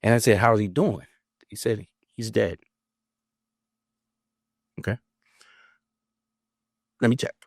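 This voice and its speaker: Man, low voice, animated storyteller, dry close recording. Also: takes it slowly, pauses often, no room sound. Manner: animated retelling, acts out quoted voices. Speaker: podcast co-host, former officer. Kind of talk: storytelling in casual conversation.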